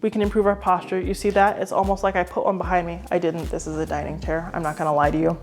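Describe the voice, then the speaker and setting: Fast-talking animated woman vlogger. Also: fairly low pitch, soft background music. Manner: animated, playful, slangy, talks straight to camera. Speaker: home decor host. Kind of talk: chatty design tips vlog.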